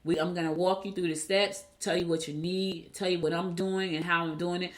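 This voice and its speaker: A woman's voice: lowish voice, little pitch movement, a little fast. A woman raised in New Jersey hosting a casual solo podcast, chatty and repeating herself as she retells conversations. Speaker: podcast host.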